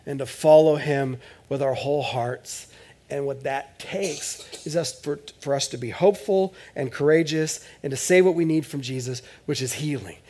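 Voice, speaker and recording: A male pastor preaching a sermon in church in a conversational, joking way, swinging between loud bursts and hushed asides. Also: a little high.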